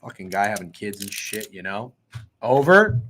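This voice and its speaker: A man's voice: lowish voice, big pitch swings, moderate pace, fairly bright tone, a little hiss or hum. A man in his thirties hosting a sports betting podcast, brash, profane and trash-talking in casual chat. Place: podcast studio.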